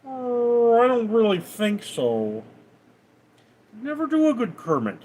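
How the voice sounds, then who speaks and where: A man's voice: very high-pitched, very animated, takes it slowly, darkish tone. A man livestreaming, reading viewers' names and comments aloud, then answering them offhand. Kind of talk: reading out and answering live chat.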